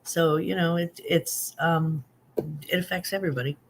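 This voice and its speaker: A woman's voice: fairly low pitch, fairly even intonation, normal speed, a little hiss or hum. A woman in her fifties hosting a casual livestream, chatting, joking at her own expense and answering viewer comments as she reads them aloud. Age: 50s. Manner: self-deprecating and joking. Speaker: livestream host. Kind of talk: casual live chat.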